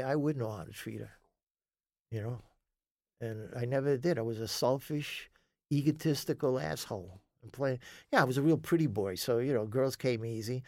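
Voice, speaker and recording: A man's voice: mid-range voice, a little mellow, no room sound. Man, interview guest, rambling emphatic storyteller, profane, dry close sound. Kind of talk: storytelling in a conversation.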